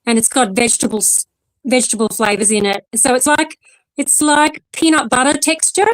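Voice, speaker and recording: A woman's voice: high-pitched, steady tone, moderate pace, no echo, low-quality recording. An Australian woman chatting casually as co-host and explaining things at length. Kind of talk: casual chat.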